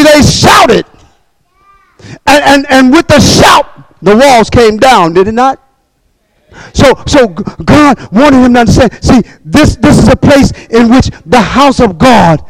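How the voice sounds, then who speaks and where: A man preaching a sermon with call-and-response, bursts of shouting and quick repeated words. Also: very high voice, no echo, rough recording.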